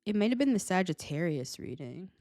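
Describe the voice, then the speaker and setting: A woman's voice: fairly low pitch, big pitch swings, brisk, dark tone, dry recording, studio quality. A woman giving a casual tarot reading, chatty and blunt, swearing freely and laughing often. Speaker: tarot reader.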